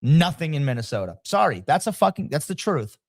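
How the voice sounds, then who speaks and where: A man's voice: fairly high pitch, very animated, fairly quick, no echo, studio quality. A man on a podcast, ranting bluntly and swearing constantly in heated casual chat.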